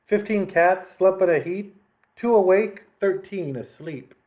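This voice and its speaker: A man hosting a children's library story time, reading picture books aloud with animated delivery and chatty asides. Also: high-pitched, a little slow. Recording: lo-fi phone-like sound.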